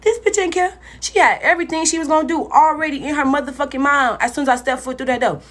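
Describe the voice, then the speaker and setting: A woman's voice: high-pitched, quick pace, fairly bright tone. A young woman telling a personal story in a casual storytime vlog, blunt and profane, talking straight to her viewers.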